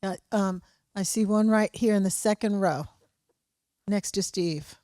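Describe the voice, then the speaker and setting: A woman moderating an onstage conversation, encouraging and affirming as she speaks. Her voice sounds dry and close to the mic, at a middling pitch. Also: measured pace, warm tone, no room sound. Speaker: college president and moderator.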